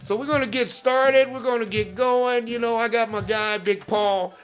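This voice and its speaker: A man hosting a podcast who pitches hard, repeats catchphrases, keeps asking "okay?" and shouts out people by name. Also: steady tone, normal speed, soft background music. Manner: hype-driven, repeats catchphrases, peppers with "okay?". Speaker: podcast host. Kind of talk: promotional monologue.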